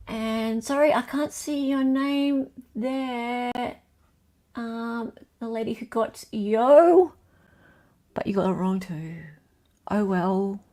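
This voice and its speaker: A woman's voice: on the high side, darkish tone. A woman with an Australian accent hosting a casual livestream, chatting loosely and reading out quiz questions in a sing-song list. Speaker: livestream host.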